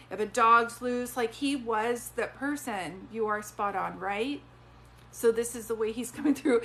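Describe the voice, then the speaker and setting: A woman doing a live-stream psychic reading, chatty and rambling, offering warm reassurance. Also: fairly high pitch, a little hiss or hum. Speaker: psychic medium.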